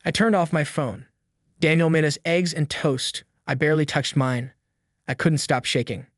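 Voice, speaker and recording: A man's voice: fairly high pitch, normal speed, no room sound, studio quality. A man reading a scripted first-person drama story in a somber, earnest way. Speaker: narrator.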